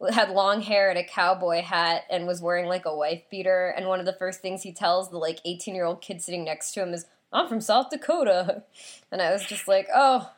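A woman co-hosting a podcast, chatting casually and telling stories with plenty of laughter. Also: on the low side. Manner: animated storyteller, laughs often. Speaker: podcast co-host. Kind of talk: casual chat.

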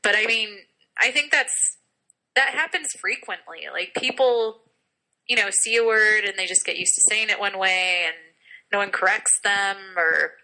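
A woman's voice: mid-range voice, normal speed, sharp tone, rough recording. A woman co-hosting a podcast in casual chat, talkative and self-deprecating, laughing often. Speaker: podcast co-host.

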